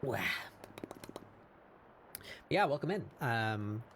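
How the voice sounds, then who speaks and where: A man hosting a casual art live stream, hoarse after hours of talking, rambling with fillers and laughs. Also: medium pitch, expressive, extremely slow, a bit bright, a little hiss or hum. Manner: rambling and self-deprecating, with frequent fillers and laughs. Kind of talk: casual live-stream chat while drawing.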